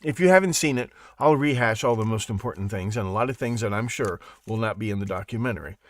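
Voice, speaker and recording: A man hosting a live podcast, talking in a rambling, animated monologue full of restarts and asides. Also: fairly low pitch, fast, dry recording. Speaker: podcast host. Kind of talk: casual monologue on a live show.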